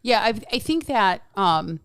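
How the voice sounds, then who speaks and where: A woman's voice: mid-range voice, sing-song, a little slow, smooth, no echo, clean studio sound. Frank, chatty woman in her forties. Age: 40s. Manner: chatty, frank, swears freely, acts out quotes. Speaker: podcast guest. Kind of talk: casual podcast chat.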